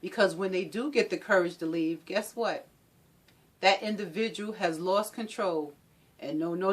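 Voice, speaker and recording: A woman's voice: lowish voice, normal speed, breathy edge. A woman speaking as a domestic violence advocate, giving an impassioned talk with an emphatic, repetitive, preaching rhythm.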